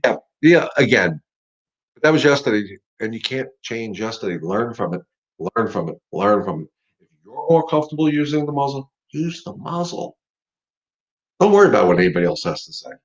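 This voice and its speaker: A man's voice: medium pitch, very animated, fairly quick, highs cut off. A middle-aged man hosting a live dog-training Q&A, talking casually and emphatically, repeating his points as he coaches. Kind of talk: casual live-stream talk.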